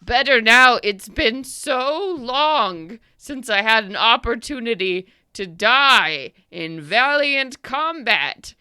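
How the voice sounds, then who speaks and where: A woman voicing an ancient, half-blind male giant who longs to die in valiant combat, booming out his lines. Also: animated, takes it slowly, hardly any pauses, bright, forceful tone, smooth, no room sound, exaggerated voice. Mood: bellowing eager. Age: older. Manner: bellowing, booming declarations.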